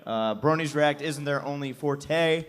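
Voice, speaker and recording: A man's voice: fairly high pitch, measured pace. Upbeat man hosting a convention panel. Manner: upbeat, joking, talking to a crowd. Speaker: panel host.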